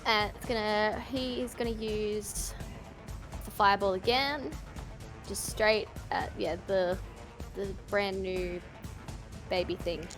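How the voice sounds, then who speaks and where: A woman describes her character's move in a tabletop game, speaking very slowly and pausing to find her words. Faint music hums underneath. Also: medium pitch. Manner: hesitant, thinking aloud. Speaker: player. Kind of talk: casual tabletop game chat.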